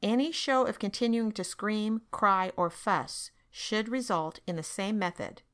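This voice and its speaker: A woman hosting a parenting podcast, giving calm, firm instructions in a monologue and often checking in with "okay?". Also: medium pitch, a little slow.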